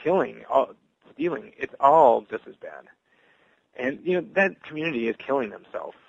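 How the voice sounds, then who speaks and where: A man giving an earnest, halting personal testimony as a Christian evangelist, full of restarts. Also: medium pitch, lively intonation, creaky, no echo, dull audio.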